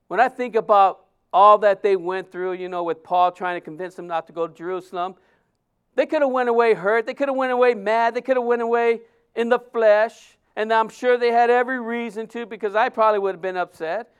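A man's voice: high voice, smooth. A man preaching a sermon as a pastor, conversational and emphatic, often acting out quotes.

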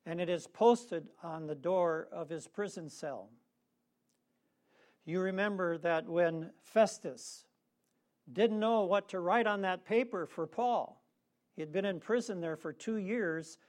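A man preaching a sermon, leading the congregation in call-and-response with slow, emphatic phrasing. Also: high voice, a little mellow.

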